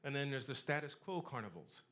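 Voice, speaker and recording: A middle-aged man delivers a talk at mid pitch, steady and earnest. He stacks his points in rhetorical lists and lifts his voice on the key words. The delivery is impassioned, like a lecture to a live group. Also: fairly quick. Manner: rhetorical, building lists with emphatic rises. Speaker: speaker giving a talk.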